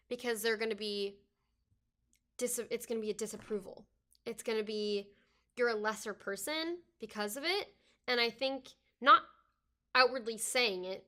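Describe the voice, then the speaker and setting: A woman's voice: on the high side, pushed and bright. A young woman talking casually as a podcast guest, earnest and reflective, often saying "I think". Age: young adult. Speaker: podcast guest, host's daughter. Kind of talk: casual conversation.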